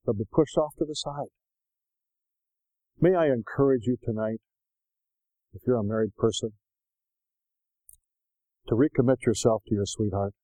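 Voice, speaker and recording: A man's voice: mid-range voice, darkish tone, no echo, poor audio. Older guy preaching, folksy storyteller, does little voices, dry close mic. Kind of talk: sermon.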